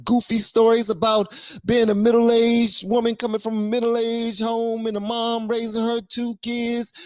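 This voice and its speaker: A man from Washington, D.C. hosting a casual political commentary channel, animated, slangy and joking. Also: very high-pitched, no room sound, clean studio sound.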